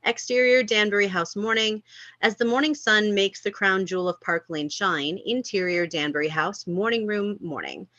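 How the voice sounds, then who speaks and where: A woman reading stage directions at a table read, expressive with amused asides. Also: medium pitch, normal speed, no room sound. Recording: dull lo-fi sound.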